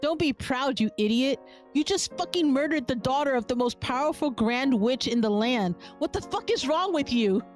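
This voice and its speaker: A woman's voice: high-pitched, expressive, normal speed, faint music behind. A woman voicing Mister Dietrich, a greedy scheming male sorcerer-shopkeeper who threatens and curses, from a game. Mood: angry scolding. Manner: smug, threatening, cursing.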